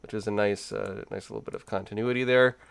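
A man co-hosting a podcast, speaking in a measured, thoughtful way with frequent fillers. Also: fairly low pitch, steady tone, creaky, clear, resonant tone, dry recording. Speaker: podcast co-host. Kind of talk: casual discussion.

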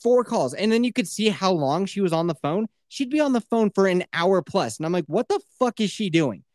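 A man co-hosting a casual chat show, telling a work story in an animated, profane way and laughing often. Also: high voice, brisk, no echo. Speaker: podcast co-host.

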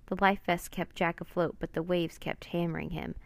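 A woman reading a children's adventure book aloud, with expressive, dramatic narration. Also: lowish voice, normal speed, gravelly.

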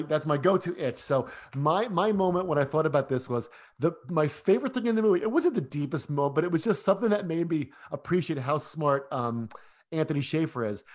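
A man co-hosting a casual film discussion podcast, eager and animated, often stumbling over and repeating his words. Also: a little high, fast. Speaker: podcast co-host.

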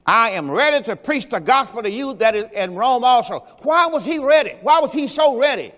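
A man's voice: very high voice, lively intonation, moderate pace, fairly bright tone, long reverb tail. A man preaching a Sunday sermon as pastor, in a folksy style that mixes scripture quotes with rhetorical questions. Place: church during Sunday service.

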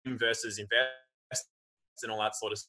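A man's voice: fairly low pitch, flat delivery, moderate pace, rough recording. A man in casual conversation, talking animatedly and acting out quoted voices.

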